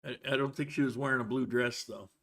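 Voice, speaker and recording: This fast-talking livestream host chats casually from home in Colombia, his voice at an ordinary middle pitch. He rambles, keeps restarting what he's saying, and now and then speaks with food in his mouth.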